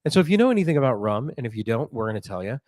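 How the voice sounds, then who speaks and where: Animated man, lively podcast chatter. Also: medium pitch, rapid-fire, dry recording, clean studio sound. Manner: animated, playful, rambling. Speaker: podcast co-host. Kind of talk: casual chat.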